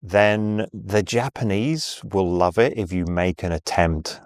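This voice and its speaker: Low man's voice, Southern English accent, middle-aged, dry close sound, unhurried anecdotal interview talk. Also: dry recording. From England. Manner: measured, anecdotal, with frequent ums and restarts. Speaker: interview guest, sales executive. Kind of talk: conversational interview.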